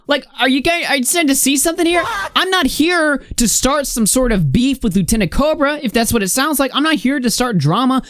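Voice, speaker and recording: A woman's voice: high voice, lively intonation, a little fast, few pauses, fairly bright tone, no room sound. A young woman in her late teens hosting a live online commentary stream, reading posts aloud and ranting bluntly with plenty of swearing.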